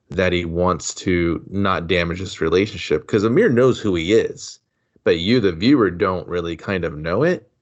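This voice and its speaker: A man co-hosting a casual movie review podcast, laying out plot points with quoted dialogue. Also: low voice. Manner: laid-back plot recaps with quoted dialogue. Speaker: podcast co-host. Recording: dull, lo-fi sound.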